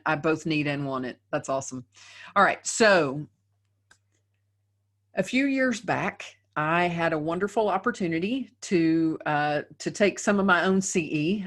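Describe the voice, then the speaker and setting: Chatty middle-aged woman lecturing a webinar. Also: deep voice. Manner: conversational, often tags sentences with "right?". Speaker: dental practice trainer.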